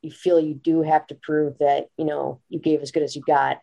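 Brief: American woman, tired, very low gravelly voice, dark tone. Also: flat delivery, moderate pace, lo-fi sound. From United States. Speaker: panel guest. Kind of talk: casual debate.

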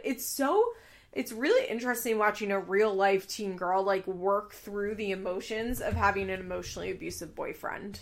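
A woman's voice: mid-range voice, moderate pace, vocal fry, a bit bright. A woman giving a casual, candid recap of a reality TV episode, swearing freely as she talks.

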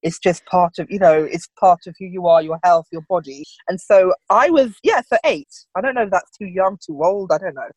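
A woman in her forties chatting as a guest in an interview, lively and quick to laugh. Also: fairly low pitch, breathy edge, no echo, rough recording. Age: 40s. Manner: lively, laughs often, acts out voices in anecdotes. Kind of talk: casual interview chat.

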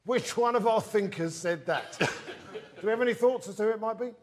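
A man's voice: high-pitched, a little fast. A man hosting a comedy panel show, joking and laughing often. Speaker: host. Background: audience laughter.

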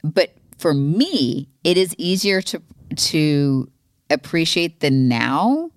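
A woman's voice: low voice, slow, dry recording, studio quality. A woman co-hosting a podcast, talking candidly and earnestly with her husband. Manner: earnest, heartfelt, expressive. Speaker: podcast co-host.

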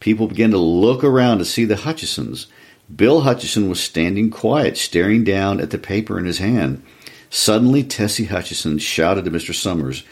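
A man reading a short story aloud in a calm, even storytelling manner, shifting his voice for each character. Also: fairly low pitch, normal speed, slightly rough. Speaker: reader.

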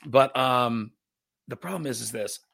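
A man talking casually as a podcast guest, his voice carrying a gravelly edge. He takes his time, stumbles through fillers and restarts, and drops the odd dry joke. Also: mid-range voice, measured pace, fairly bright tone. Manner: laid-back, hesitant, many fillers, dry humor. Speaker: guest musician. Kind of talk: casual interview chat.

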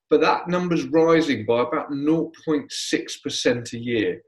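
Male podcast host from the UK, off-the-cuff solo talk, flat delivery with lots of fillers. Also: mid-range voice, poor audio. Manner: loose, conversational, many fillers and restarts; self-described monotone. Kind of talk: unscripted solo monologue.

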